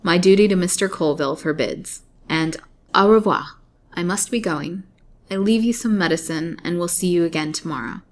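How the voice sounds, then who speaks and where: A woman's voice: lowish voice, normal speed, lightly acted. A woman voicing a grim male doctor, curt and sardonic, in a storybook reading.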